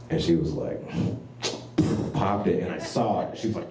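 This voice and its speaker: A male stand-up comedian telling stories about his kids in an animated way, often saying "you know what I'm saying.". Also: sits low, normal speed, noisy background. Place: small comedy club. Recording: echoey room, distant mic.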